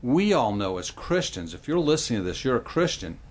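A man's voice: medium pitch, sing-song, brisk. A middle-aged man speaking earnestly in a Christian podcast discussion, explaining and acting out quoted lines like a pastor.

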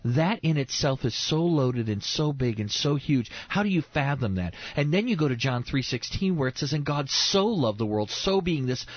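A man's voice: mid-range voice, expressive, normal speed, hardly any pauses, dry recording, highs cut off. A man who is a pastor, preaching earnestly in an interview and repeating his key phrases for emphasis.

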